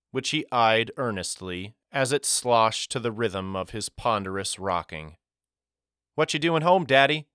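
A man reading a novel aloud as a narrator, in a measured, reflective storytelling manner. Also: lowish voice, sharp tone, smooth, no echo, studio quality. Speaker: audiobook narrator. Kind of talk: scripted first-person narration.

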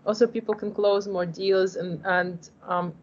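A woman's voice: medium pitch, steady tone, a little slow, a little hiss or hum. Earnest woman explaining her tech. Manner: earnest, explanatory, frequent "like" and restarts. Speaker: startup founder. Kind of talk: interview answers. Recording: dull lo-fi audio.

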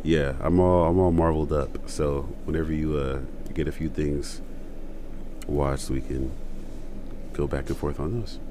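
A man's voice: extremely low pitch, steady tone, measured pace, noisy background. A man co-hosting a podcast in casual chat, rambling and laughing often as he tells stories. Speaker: podcast co-host.

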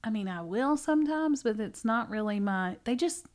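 A middle-aged woman, a bookstore owner, chatting casually as a podcast guest, animated and laughing often as she tells stories. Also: fairly high pitch, moderate pace. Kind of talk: casual interview chat.

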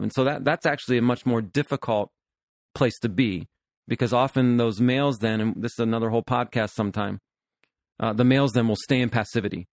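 A man's voice: medium pitch, steady tone, brisk, no room sound, clean studio sound. A man in his fifties, a pastor and therapist hosting a podcast, talking earnestly about counseling couples. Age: 50s. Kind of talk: podcast conversation.

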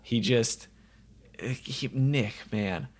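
A man's voice: mid-range voice, extremely slow. A young man co-hosting a casual movie chat, blunt and jokey, swearing freely. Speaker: podcast co-host reviewing a movie.

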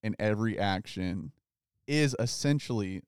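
A man hosting a podcast, talking through a Bible passage in a relaxed, casual way, often saying "like" and reading scripture aloud. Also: lowish voice, unhurried, clean tone, dry recording, studio quality. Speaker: podcast host. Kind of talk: casual Bible study chat.

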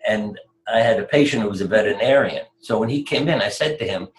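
An older man with a fairly low voice shares anecdotes as an interview guest. His manner is chatty and wry, and he chuckles at his own stories. The sound carries a noticeable room echo. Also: quick pace. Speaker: guest, retired surgeon.

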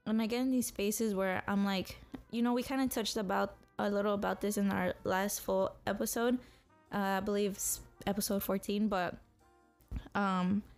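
Young woman, solo podcast rant, blunt and swearing, middle-pitched, faint music under her. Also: steady tone, normal speed. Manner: blunt and profane, self-motivating. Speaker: podcast co-host.

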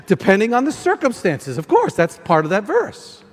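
Man, sermon, high voice, lively swings, echoey church hall. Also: a little fast, hardly any pauses. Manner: animated, acts out people's complaints in quoted voices. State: tearful at times. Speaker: pastor. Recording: hall reverb.

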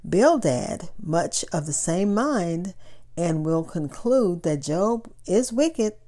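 A woman's voice: lowish voice, expressive, slow, mellow. A woman hosting a daily podcast, teaching on a Bible passage in a conversational way with fillers and asides. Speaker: podcast host.

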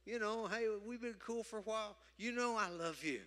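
A man's voice: fairly high pitch, normal speed, fairly bright tone, close to an everyday voice. A man preaching a sermon, acting out an earnest fisherman disciple who pleads and grows a little exasperated. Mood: protesting. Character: eager adult male fisherman disciple, protesting his love. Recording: reverberant hall.

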